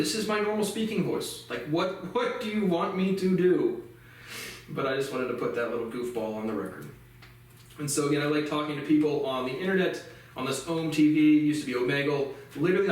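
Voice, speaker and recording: Ranting man, echoey and distant. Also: fairly high pitch. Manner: agitated, profane, repeats "literally". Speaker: vlogger. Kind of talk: ranting monologue to camera. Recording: echoey room, speaker far from mic.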